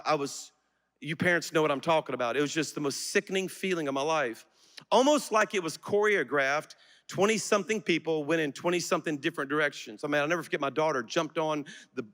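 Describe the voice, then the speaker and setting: A middle-aged man preaching a sermon, telling a personal story that swells into fervent, shouted exhortation to the congregation. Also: fairly high pitch. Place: large auditorium church. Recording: long reverb of a large auditorium.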